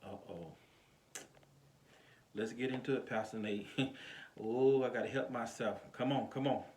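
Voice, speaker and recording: A male pastor giving a casual sermon to his online viewers, chatty and animated, with a chuckle here and there. His voice sits at an ordinary middle pitch. The phone recording carries the echo of a roomy space. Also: unhurried, slight background noise. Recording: echoey room.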